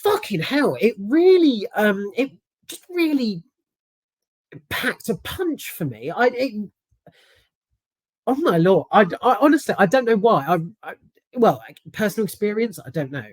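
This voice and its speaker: A woman's voice: medium pitch, big pitch swings, a little slow, a little mellow, dry recording. A woman giving a casual, rambling spoken film review, emphatic and swearing freely.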